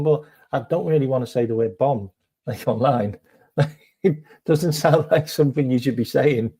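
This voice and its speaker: A man's voice: on the high side, moderate pace, dark tone. A man hosting a casual live stream, chatting to viewers with lots of ums and repeated phrases.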